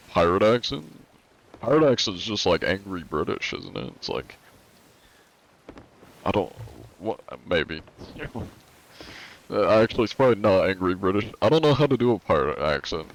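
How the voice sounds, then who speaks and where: A young American man with a fairly low voice chats casually on a live stream. He rambles, jokes and swears, with loose, offhand delivery. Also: big pitch swings, moderate pace, vocal fry, pauses often, rough recording. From United States. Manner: rambling, crude, joking.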